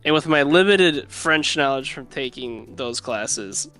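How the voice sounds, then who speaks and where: A man's voice: mid-range voice, animated, measured pace, sharp tone, soft background music. A man chatting casually on a livestream, laid-back and laughing, often repeating himself. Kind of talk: casual chat.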